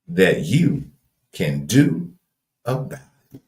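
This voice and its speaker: Deep-voiced Southern man preaching encouragement. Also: a little slow, reverberant. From Louisiana. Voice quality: deep, folksy, repetitive cadence. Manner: emphatic and earnest, builds to raised emphasis. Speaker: livestream host. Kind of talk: preachy motivational talk.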